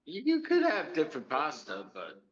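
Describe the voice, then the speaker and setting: Man, mid pitch, hesitant, filler-heavy, muffled lo-fi audio. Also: huge pitch swings, moderate pace. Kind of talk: casual livestream chat.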